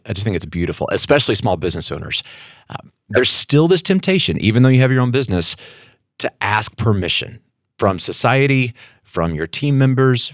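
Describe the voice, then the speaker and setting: He is a middle-aged man with a fairly low voice who hosts the interview in a thoughtful, earnest way, restarting phrases as he works out his point. The recording is close and dry. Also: no room sound. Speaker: interview host. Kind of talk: conversational interview.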